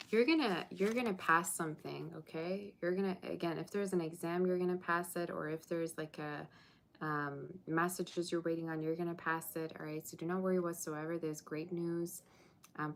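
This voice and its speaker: A woman with a lowish voice gives a live tarot reading and chats casually with her viewers in between. She is reassuring and answers their comments as she goes. A faint hiss sits under her voice. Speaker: tarot reader. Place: borrowed room, indoors.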